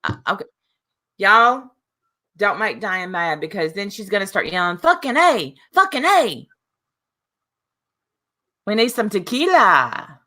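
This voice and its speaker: A woman's voice: medium pitch, lively intonation, moderate pace, bright, forceful tone. A woman hosting a live call-in stream, talking casually and bluntly, rambling with restarts and fillers. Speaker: live show host.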